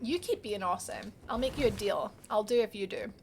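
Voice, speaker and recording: A woman's voice: medium pitch, a little fast, vocal fry, a little hiss or hum. A young woman livestreaming a game, chatting casually and bubbly, answering her viewers by name and laughing often. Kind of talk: casual live gameplay commentary.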